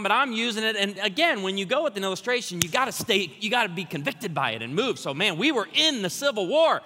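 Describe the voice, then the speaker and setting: A man, a guest pastor, preaching a humorous sermon full of stories in an animated way in a church. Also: high voice, fast talker, few pauses, a little hiss or hum. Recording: church hall reverb.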